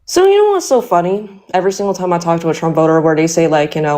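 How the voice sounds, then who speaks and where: Young woman with a low voice debating casually, keeps saying like and you know. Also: lively intonation, fast, mellow. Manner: hesitant, many fillers. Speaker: debate guest.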